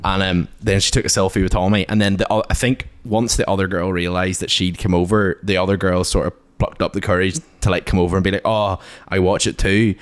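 A young man, co-hosting a podcast and telling stories in a casual, animated way, swearing freely and filling with "like". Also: deep voice, brisk, hardly any pauses. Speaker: podcast co-host. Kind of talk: casual chat.

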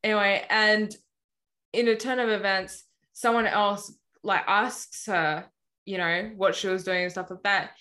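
A woman's voice: mid-range voice, fairly even intonation, measured pace, bright, forceful tone. A woman in casual conversation, rambling through a story with lots of fillers. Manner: rambling storyteller, many fillers like "anyway" and "you know". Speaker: Christian ministry guest or host.

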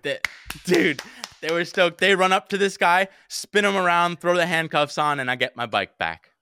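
A young man co-hosting a podcast, telling a story in casual chat, animated and swearing often as he acts out what people said. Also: high-pitched, normal speed, clear, resonant tone, no room sound. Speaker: podcast co-host.

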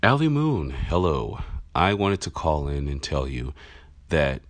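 Very deep-voiced man calling in. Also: very animated. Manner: halting, with ums. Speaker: caller. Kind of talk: voicemail message.

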